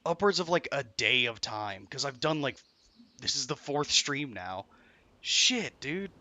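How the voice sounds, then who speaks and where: A man's voice: medium pitch, big pitch swings, a little slow, sharp tone. A young man streaming a game from his room at home, ranting and swearing to his chat in frustration. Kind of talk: frustrated live-stream commentary.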